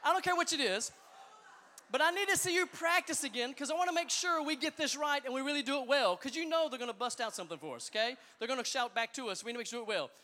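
High-voiced, quick, playful youth pastor. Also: male voice, sharp tone, long reverb tail. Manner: upbeat, playful, joking with the audience. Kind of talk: energetic crowd hype talk. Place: large hall with a live youth audience.

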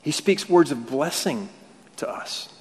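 A man's voice: fairly high pitch, expressive, a little slow. A male pastor preaching a conversational sermon, full of rhetorical questions and repeated words. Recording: long hall reverb.

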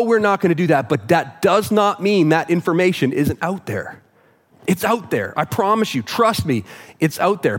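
A man preaching a sermon to a church congregation, conversational and joking with the crowd. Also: a little high. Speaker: pastor. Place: church auditorium with live audience.

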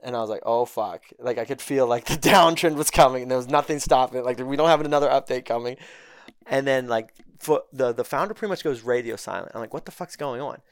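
A man's voice: medium pitch, fast talker, no room sound, studio quality. A young man telling a story in casual talk, swearing a lot and acting out the voices of the people he quotes. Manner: profane, animated, acts out quoted dialogue. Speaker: podcast guest.

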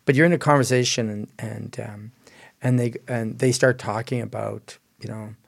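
Gravelly rambling man co-host. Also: mid-range voice, steady tone, moderate pace. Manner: rambling, explanatory, many fillers. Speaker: podcast co-host. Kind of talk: casual ministry discussion.

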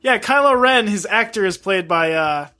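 Bright high guy goofing off on a podcast, laughs a lot. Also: animated, normal speed. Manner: jokey, laughs often, teasing. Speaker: podcast co-host. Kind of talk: casual chat.

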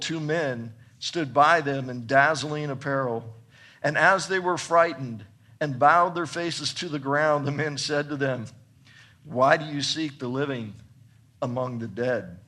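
A man preaching a sermon, reading scripture and explaining it earnestly, building to excited emphasis and then dropping soft for points. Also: mid-range voice. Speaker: pastor.

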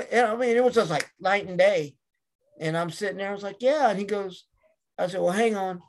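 A man's voice: high-pitched, moderate pace. A man in casual chat, telling rambling stories and acting out what people said. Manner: rambling storyteller, acts out quotes. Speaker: podcast guest.

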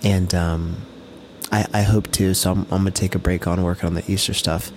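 A young man co-hosting a casual podcast, gentle and reassuring, with loose slangy talk. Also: low-pitched, little pitch movement, brisk, slight background noise. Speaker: podcast co-host.

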